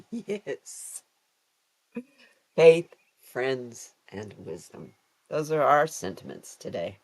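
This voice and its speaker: A woman's voice: rumbling low, very animated, drawn-out words, pauses often. A woman hosting a casual card-reading livestream, effusive and affectionate, calling viewers honey and girl. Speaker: livestream host reading cards. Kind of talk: casual live chat.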